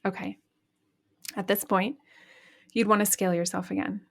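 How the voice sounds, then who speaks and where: A woman hosting a podcast, calmly guiding listeners through an EFT tapping session with repeat-after-me phrases. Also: mid-range voice, moderate pace, gravelly. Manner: calm instructive, leads repeat-after-me phrases. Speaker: podcast host and EFT coach. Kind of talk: guided EFT tapping lesson.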